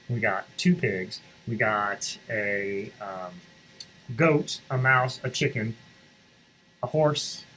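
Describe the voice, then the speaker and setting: Over slight background noise and rough audio, a man with a lowish voice reads a picture book to schoolchildren during morning announcements. He reads expressively, breaking off at points to explain things to them.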